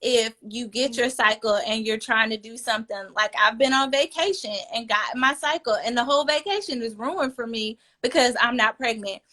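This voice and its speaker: A woman speaking as a fertility coach in a casual podcast conversation, earnest and personal, growing animated when she quotes other people. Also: on the high side, normal speed, few pauses.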